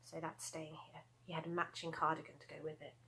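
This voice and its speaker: A woman in her thirties talking through her homemade crafts in a relaxed, rambling home vlog, breaking off for little laughs and asides. Her voice sits a little low for a woman, and she chats as if to a friend. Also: quick pace, creaky, a little hiss or hum, low-quality recording. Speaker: crochet vlogger. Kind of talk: casual show-and-tell chat.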